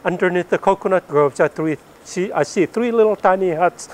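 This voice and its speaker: A middle-aged man from the northern Philippines, telling his story as a missionary pilot in an animated testimony to an audience, growing loud and then falling soft at the ends of lines. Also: high voice, fairly quick. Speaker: missionary pilot and Bible translator.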